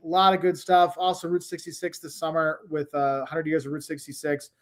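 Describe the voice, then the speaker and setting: Middle-aged male host, fairly high voice, loose conversational delivery, drifts between viewer questions. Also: level tone, brisk. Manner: chatty, rambling, reads viewer comments aloud. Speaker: travel livestream host. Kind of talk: casual livestream Q&A.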